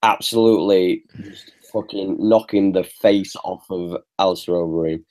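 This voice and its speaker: A man's voice: low-pitched, fairly even intonation, normal speed, a little mellow. A man co-hosting a casual sports podcast, talking in a profane, emphatic way. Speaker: podcast co-host.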